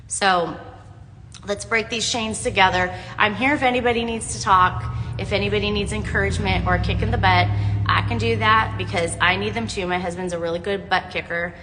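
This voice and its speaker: A woman's voice: medium pitch, steady tone, a little fast, music in the background. A middle-aged woman vlogger giving earnest, faith-based encouragement in a rambling, casual way with fillers. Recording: echoey room with long reverb.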